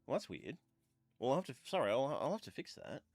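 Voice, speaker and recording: Rambling, lively-voiced male streamer. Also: mid-range voice, fast talker, no room sound. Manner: rambling, chatty, with many fillers. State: stuffy from a week of nose-blowing. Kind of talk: casual livestream chat.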